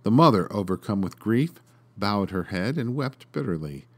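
A man hosting a podcast and reading a story aloud in an expressive, dramatic way. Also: fairly low pitch, moderate pace. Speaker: podcast host and narrator. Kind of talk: storytelling narration.

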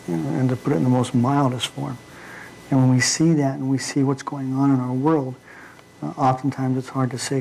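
A man preaching an informal midweek sermon in a church, talking in a halting way with frequent fillers and restarts. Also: medium pitch, vocal fry, a little mellow, slight background noise, low-quality recording.

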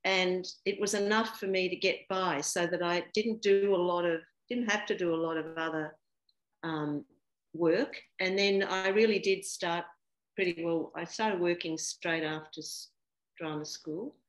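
A woman's voice: fairly low pitch, fairly even intonation, unhurried. Chatty woman in her sixties, roomy sound. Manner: chatty, laughs often, many fillers and restarts. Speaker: guest actor. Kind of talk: casual interview chat. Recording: roomy echo.

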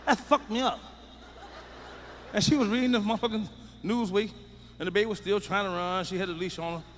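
A man doing a stand-up comedy routine, loud and profane, swinging between shouted punchlines and muttered asides. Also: high voice, fairly even intonation, a little fast, a little hiss or hum. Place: large theater stage with live audience. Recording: live concert hall reverb.

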